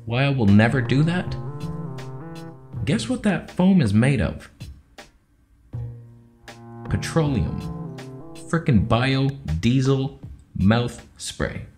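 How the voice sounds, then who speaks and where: A young man casually ranting to camera in his living room, sarcastic and jumping between loud jabs and low mutters. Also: sing-song, unhurried, gravelly, pauses often, faint music behind. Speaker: YouTube host.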